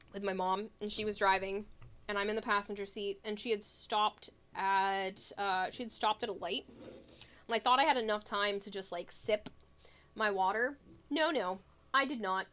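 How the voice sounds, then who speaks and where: A woman's voice: mid-range voice, steady tone, moderate pace, a bit bright. A woman streamer chatting casually with viewers, telling funny family stories with frequent laughter and reading comments aloud. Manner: giggly storytelling, reading chat aloud.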